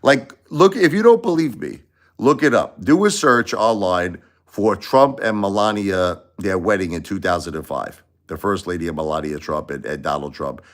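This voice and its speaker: A man hosting a casual opinion livestream, rambling and repeating himself in an animated way. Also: sits low, moderate pace. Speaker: livestream host.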